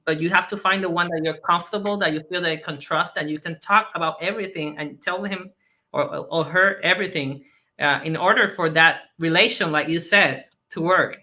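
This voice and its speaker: A man's voice: fairly high pitch, a little fast, sharp tone, low-quality recording. A man joining a live video call as a guest, speaking earnestly and restarting his sentences often. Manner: earnest, hesitant with many restarts. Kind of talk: conversational advice.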